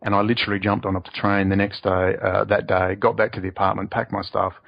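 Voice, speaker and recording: A man, an interview guest who rants excitably, his voice leaping into loud emphatic bursts. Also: lowish voice, fast, vocal fry, no echo. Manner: excitable ranting, sudden loud emphatic rises. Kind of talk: heated conversational interview. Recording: dull dry lo-fi audio.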